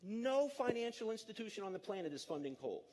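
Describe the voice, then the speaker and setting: A man in his fifties giving a lively, jokey conference talk to an audience in a large auditorium, coaxing the crowd along. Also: high-pitched, a little fast. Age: 50s. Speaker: speaker.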